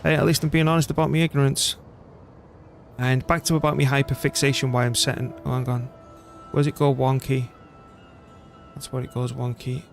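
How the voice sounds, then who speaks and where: A man's voice: medium pitch, level tone, fairly quick, gravelly, pauses often, soft background music. Rambling British man streaming a game. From Britain. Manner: rambling, chatty, self-deprecating. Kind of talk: casual gameplay commentary.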